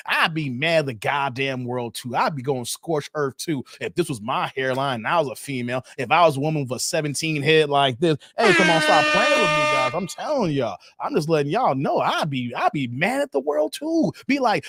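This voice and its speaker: A man hosting a casual live stream, loudly roasting a clip and reading chat with lots of laughs. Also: a little high, big pitch swings, moderate pace, few pauses, no room sound, clean studio sound. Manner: loud joking roasting, laughs often.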